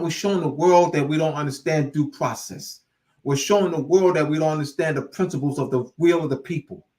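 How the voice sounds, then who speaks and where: A man acting as host delivers an impassioned, repetitive lecture, speaking informally and slipping into dialect as his preachy fervor builds. His voice is fairly high with a darkish tone.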